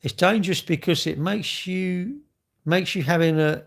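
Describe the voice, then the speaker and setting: A middle-aged man hosts a live stream, casually reading viewer comments aloud in rambling, jokey, self-mocking banter. His voice is high and gravelly, moving at a moderate pace.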